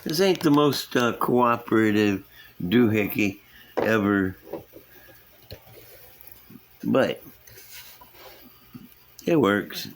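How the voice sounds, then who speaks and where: Low-ish and drawn out, this middle-aged man's voice leaves long pauses, with slight background noise in the clip. He's a scale model builder and channel host casually presenting his builds at an indoor workbench. His talk is folksy and rambling, and he laughs at himself now and then.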